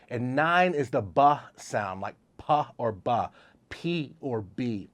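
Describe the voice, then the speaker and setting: A man, a memory trainer, explaining a card-memorizing technique step by step in an upbeat instructional way. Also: medium pitch. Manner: upbeat, walks through examples step by step.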